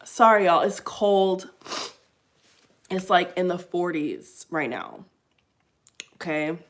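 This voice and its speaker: Slow-talking, emphatic woman vlogger. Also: on the low side. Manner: emphatic, repeats phrases, speaks directly to viewers. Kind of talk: opinionated commentary to camera.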